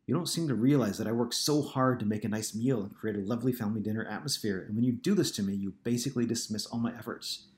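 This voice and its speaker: A man's voice: on the low side, quick pace, few pauses, echoey room, close to an everyday voice. A man reading an audiobook, voicing an upset wife who pleads and accuses with a rising voice. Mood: exasperated. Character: upset tearful wife, woman, exasperated. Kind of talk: audiobook character voice.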